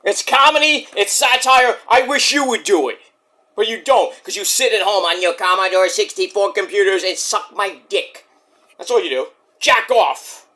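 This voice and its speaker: A man's voice: sits high, moderate pace, sharp tone. A male wrestling vlogger in an angry, profane rant, combative and repetitive.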